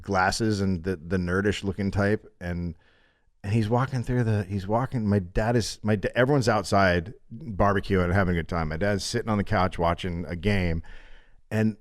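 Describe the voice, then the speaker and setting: A middle-aged man from California telling a comedic story, profane and animated, often laughing through the punchlines. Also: low-pitched, normal speed. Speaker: podcast guest.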